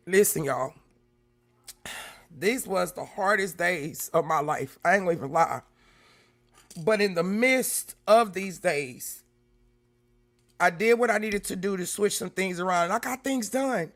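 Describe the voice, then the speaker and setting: A woman hosting a casual livestream, greeting viewers by name and shifting between loud exclamations and quiet, emotional talk. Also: lowish voice, animated, a little slow, pauses often. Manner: emotional, swings from loud exclamations to soft near-whispers; talks straight to chat, greeting viewers by name. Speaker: YouTube livestream host.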